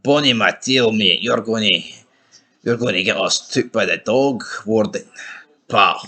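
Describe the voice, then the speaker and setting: A scolding stray dog with a broad Scottish accent, as a man puts him on. His voice sits fairly low and he nags his mates like a bloke down the pub. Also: measured pace, bright, forceful tone.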